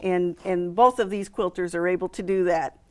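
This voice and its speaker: A woman's voice: on the low side, steady tone, moderate pace, darkish tone. A middle-aged American woman with an American accent, chatting enthusiastically as a quilt show director in an interview, with many fillers and restarts. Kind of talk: relaxed interview chat.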